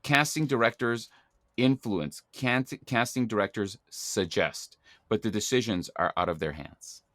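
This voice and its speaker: A man with a fairly low voice hosts a casual podcast chat, emphatic and chatty as he makes his points. The sound is dry and close, with no room echo. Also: measured pace, fairly bright tone. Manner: chatty and emphatic, acts out quoted dialogue. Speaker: podcast host.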